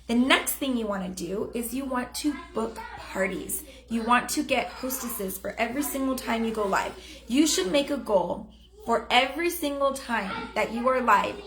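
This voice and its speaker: A woman's voice: a little high, roomy sound. A woman in her thirties giving a chatty, upbeat sales training live from her home, often acting out sample messages. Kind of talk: live-stream training talk. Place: home room. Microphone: phone or webcam on a live stream.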